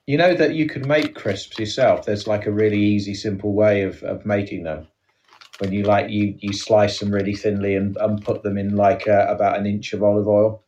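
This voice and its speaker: A man hosting a casual comedy podcast, rambling with halting restarts. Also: lowish voice, fairly even intonation, darkish tone, recorded from a distance, highs cut off. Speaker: podcast host.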